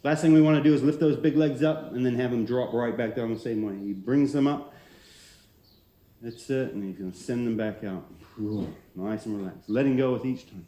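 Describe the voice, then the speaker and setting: A man on a headset mic talks a student through a slow relaxation drill in a calm, steady way. His voice is mellow and dark at a middling pitch. His sentences often fade softly at the end, and the recording carries a roomy echo. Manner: calm, steady instruction with soft trailing ends. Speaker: martial arts instructor.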